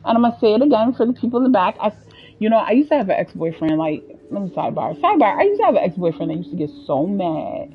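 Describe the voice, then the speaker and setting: A woman's voice: mid-range voice, fast, narrow, tinny audio. Chatty woman commenting on gameplay. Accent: African American English. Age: adult. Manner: chatty, expressive, talks to viewers. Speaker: gaming streamer.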